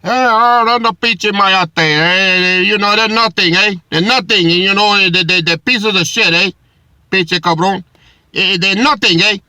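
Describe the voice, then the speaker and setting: A man's voice: high-pitched, a little slow, pushed and bright, no echo, exaggerated voice, low-quality recording. A man voicing a macho, dismissive Latino man who drawls and tags his lines with "eh". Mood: scornful.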